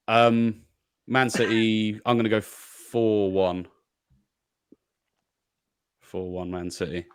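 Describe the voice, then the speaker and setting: A man's voice: on the low side, level tone, extremely slow, long pauses, clean tone, no room sound, studio quality. A man hosting a casual football podcast, asking questions and steering the talk. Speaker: podcast host. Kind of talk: casual chat.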